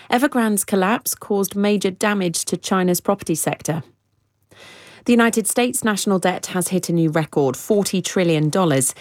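Dry, measured woman newsreader. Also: fairly low pitch, a little mellow, no room sound. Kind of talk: scripted news bulletin.

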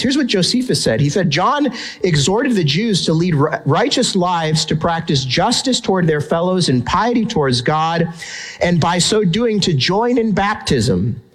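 A middle-aged male pastor preaching a sermon, emphatic and animated, asking the congregation rhetorical questions. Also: on the high side, husky, poor audio.

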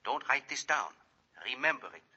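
A man's voice: medium pitch, expressive, normal speed, bright, forceful tone, breathy edge, full character voice. An actor playing a secretive, insistent man giving clipped, formal instructions, in 1940s radio acting. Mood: urgent. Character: secretive insistent male jewel-deal contact. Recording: muffled old radio recording.

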